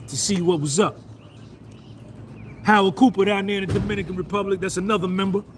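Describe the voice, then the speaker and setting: A middle-aged man on a casual live stream, loose and boastful, repeating himself as he shouts out viewers. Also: high-pitched, slight background noise. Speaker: vlogger doing a live stream.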